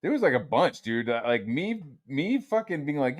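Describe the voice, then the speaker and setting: A man's voice: on the high side, very animated, moderate pace. A young man streaming a solo rant, swearing constantly and mocking his critics in a heated, sarcastic way. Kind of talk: profane rant.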